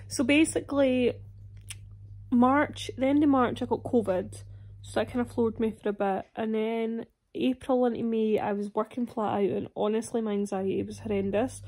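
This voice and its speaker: A young woman from Scotland chats to the camera in a casual home vlog, rambling and candid with lots of fillers. She's ill with a sore throat and cough, and her voice is fairly high-pitched with a dark tone.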